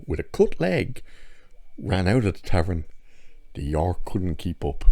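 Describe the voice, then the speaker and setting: A man's voice: low-pitched, dark tone, dry recording. A man reviewing a TV episode in a casual, chatty recap, sarcastic and profane as he tells the plot.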